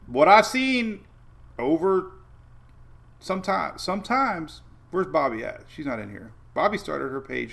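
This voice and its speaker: A man's voice: mid-range voice, gravelly, fairly bright tone. Chatty man hosting a weather livestream. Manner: rambling, chatty, many fillers and restarts, greets viewers by name. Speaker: weather show host. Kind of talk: casual livestream weather talk.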